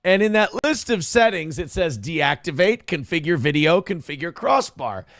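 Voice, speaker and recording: A man's voice: on the high side, very animated, moderate pace, fairly bright tone, no echo, clean studio sound. A man talking casually on his own stream, rambling and self-deprecating as he explains his setup.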